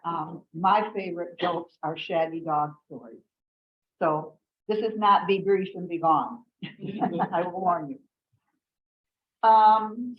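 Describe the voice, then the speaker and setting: A woman club member telling a long shaggy dog joke on a video call, lively and animated. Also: fairly low pitch, a little hiss or hum. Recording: echoey room, dull sound.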